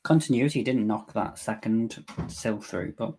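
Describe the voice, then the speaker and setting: A man hosting a live movie watch-along, talking in an animated, campy way and laughing a lot. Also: lowish voice, unhurried, husky. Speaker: host.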